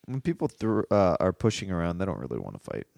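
Low-voiced man telling a heated story. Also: quick pace, gravelly, no echo, studio quality. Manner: animated, worked-up storytelling. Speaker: podcast co-host. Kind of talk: casual chat, storytelling.

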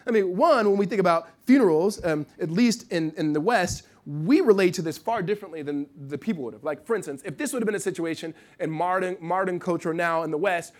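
A middle-aged man from the United States preaching a sermon in a conversational way, with restarts and asides, swinging from loud to hushed. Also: high voice, brisk, hardly any pauses. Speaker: pastor.

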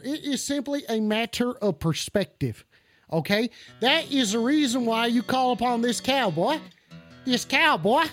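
A man's voice: very high voice, fairly bright tone. A man hosting a call-in show as a profane, rambling cowboy, hollering and ranting. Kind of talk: rowdy comedic rant.

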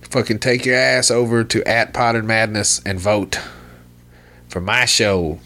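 A man with a very low, gravelly voice hosts a podcast. He rambles in a loose, laid-back way and swears freely. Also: level tone, unhurried, pushed and bright. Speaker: podcast host. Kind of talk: casual podcast chat.

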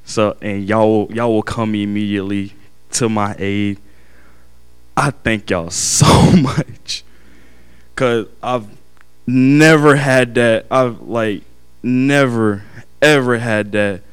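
A young man giving an earnest, halting personal testimony to his family and church, often restarting his sentences. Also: fairly low pitch, fairly even intonation, smooth.

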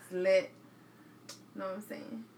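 A woman's voice: mid-range voice, flat delivery, measured pace, echoey room, a crowd in the background, rough recording. A woman co-hosting a casual podcast, laid-back as she sets up hypothetical scenarios and laughs along. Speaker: podcast co-host posing scenarios. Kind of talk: casual chat.

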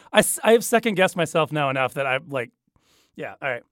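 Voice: medium pitch, animated, moderate pace, a bit bright, dry recording, studio quality. A voice actor recording lines for an audio drama, often stammering, restarting and laughing between takes.

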